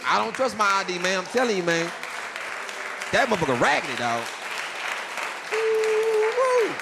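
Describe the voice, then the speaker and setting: A male stand-up comedian telling stories in a jail, animated and jumping up into excited shouts. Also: high-pitched, slow, gravelly, long pauses, crowd noise. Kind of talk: stand-up storytelling. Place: jail, large hard room. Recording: long hall reverb, faint noise.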